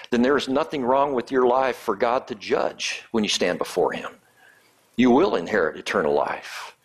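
A man preaching a sermon and acting out quoted lines in changing tones. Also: medium pitch. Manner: acts out quoted lines with shifting tone. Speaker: pastor.

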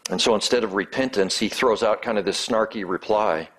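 A man's voice: lowish voice, fairly quick, a bit bright. A man preaching a sermon and acting out quoted lines in changing tones. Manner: acts out quoted lines with shifting tone. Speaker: pastor.

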